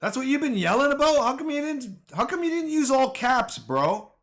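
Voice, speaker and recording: A man streaming live about the stock market, talking back to his viewers in excitable, slangy, casual commentary. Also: very high voice, normal speed.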